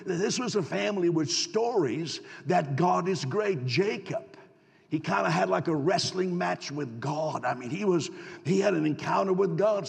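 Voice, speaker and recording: A man's voice: sits high, vocal fry. A man preaching a storytelling sermon, folksy and full of stammering restarts, asking his congregation rhetorical questions. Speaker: pastor. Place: church sanctuary. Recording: long hall reverb.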